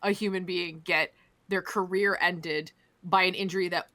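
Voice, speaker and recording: A woman's voice: fairly low pitch, fairly even intonation, moderate pace, sharp tone. A young woman co-hosting a casual hockey podcast, swearing freely and ranting with fired-up conviction. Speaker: podcast co-host.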